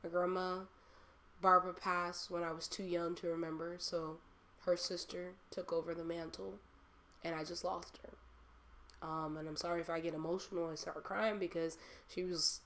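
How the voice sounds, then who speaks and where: A woman's voice: on the low side, little pitch movement, moderate pace, fairly bright tone, a little hiss or hum. A young woman hosting a personal monologue, heartfelt and rambling with many fillers. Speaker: host.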